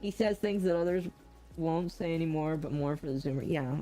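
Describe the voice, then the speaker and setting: A woman's voice: deep voice, brisk, warm tone, faint music behind. A woman hosting a game livestream, chatty and giggly, often exclaiming as she talks. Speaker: streamer host. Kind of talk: casual livestream chat.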